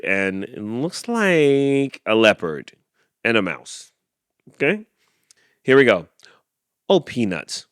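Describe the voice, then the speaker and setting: A man hosting a podcast, reading a picture book aloud and then talking it through in an animated way with many restarts. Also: on the low side, smooth, no room sound, clean studio sound. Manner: animated, repeats and restarts, self-coaching. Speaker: podcast host.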